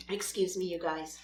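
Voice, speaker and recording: Exasperated woman ranting, slow and roomy. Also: on the high side, a bit bright, a little hiss or hum. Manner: exasperated, scolding. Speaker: mukbang vlogger. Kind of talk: ranting vlog while eating.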